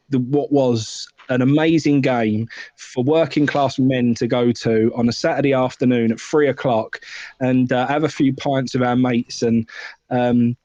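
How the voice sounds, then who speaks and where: A man's voice: medium pitch, a little mellow, dry recording. A man co-hosting a football fan live stream, talking in a blunt, rambling, sweary way. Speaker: football fan show co-host. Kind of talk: casual live-stream chat. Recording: dry, muffled lo-fi audio.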